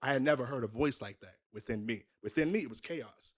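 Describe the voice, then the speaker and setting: A man's voice: mid-range voice, a little fast. A young man, a minister, telling his life story candidly in an interview, emphatic and full of rhetorical questions.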